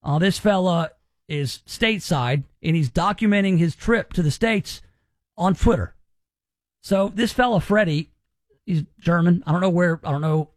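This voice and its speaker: A man hosts talk radio in a rambling, joking way. His voice sits high for a man. The studio sound is dry and close. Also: darkish tone, no echo. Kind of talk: casual radio chat.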